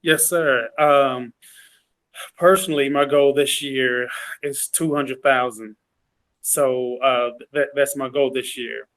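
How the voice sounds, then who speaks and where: A man's voice: mid-range voice, fairly even intonation, slow, a bit bright, low-quality recording. A man being interviewed on a team call, humble and determined, with hesitant fillers. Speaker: sales agent, interview guest. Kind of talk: casual conversational interview. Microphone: call audio.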